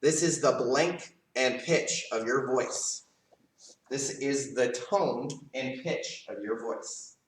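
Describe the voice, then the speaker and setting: A man teaching a live leadership class to kids as a karate instructor, calm and earnest, speaking straight to his students. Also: medium pitch, takes it slowly, far from the mic, a little hiss or hum. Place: karate school. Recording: roomy, mic set back.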